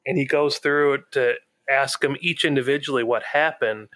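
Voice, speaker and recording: A man's voice: medium pitch, steady tone, moderate pace, background noise. A man chatting casually as a podcast co-host, retelling an episode with frequent laughs and filler words. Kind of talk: casual chat.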